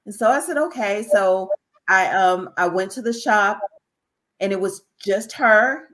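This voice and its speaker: A woman, a podcast guest telling a personal story in an animated way, often repeating herself and speaking straight to listeners. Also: medium pitch, a little slow, poor audio. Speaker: guest, author. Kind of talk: casual interview storytelling.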